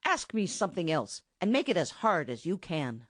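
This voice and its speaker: A woman's voice: lowish voice, very animated, normal speed, dry recording, clean studio sound. Woman voicing Dragonfell, a cold sneering enchanter.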